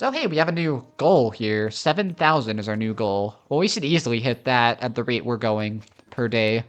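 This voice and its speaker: Easygoing male let's play host, animated pitch, casual chatter. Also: moderate pace, few pauses. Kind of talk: casual game commentary.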